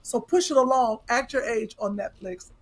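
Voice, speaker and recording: A woman's voice: a little high, expressive, normal speed. A woman hosting a podcast, chatting casually, telling stories animatedly and teasing her co-hosts. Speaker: podcast host. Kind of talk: casual chat.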